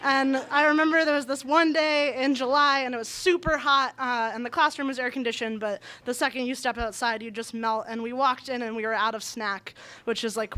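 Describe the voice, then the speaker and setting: High-voiced young woman telling a story. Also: a little hiss or hum. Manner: chatty, animated, laughs often mid-sentence. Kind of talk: personal story told live on stage. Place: small bar venue, indoors.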